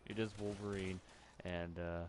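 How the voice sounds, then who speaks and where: Deep, flat and unhurried, the man's voice carries casual video game commentary. He wanders from thought to thought with many fillers and restarts, throwing in the odd curse whenever he forgets what he was saying.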